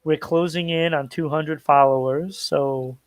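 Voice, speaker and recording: A man's voice: a little high, steady tone, unhurried, no echo. A man co-hosting a casual pop culture talk show, chatty and easygoing, plugging the show's channels and trailing off into restarts.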